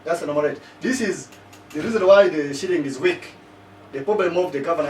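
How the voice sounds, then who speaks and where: A man's voice: high voice, brisk, echoey room, recorded from a distance, a little hiss or hum, low-quality recording. A man explaining a political point, often asking "okay?" to check listeners follow and working out figures aloud. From Uganda. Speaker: political commentator. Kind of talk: explanatory talk to camera. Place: living in South Africa.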